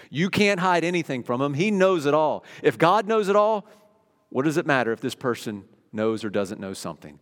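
A middle-aged man preaching a sermon as pastor, earnest and conversational, moving between loud emphasis and hushed, quiet lines. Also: mid-range voice. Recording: long reverb of a hall.

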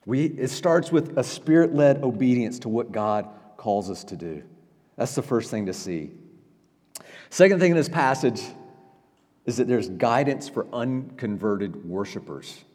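A man preaching as a pastor in a church, talking in a conversational way with frequent "right?" asides and quick restarts. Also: mid-range voice, expressive, a little mellow, big-room sound. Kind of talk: sermon. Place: church sanctuary.

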